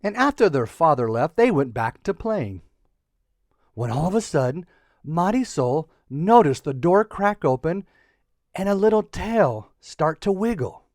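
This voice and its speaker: Man, children's story narration, high lively voice, playful, dry close sound. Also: measured pace, no room sound.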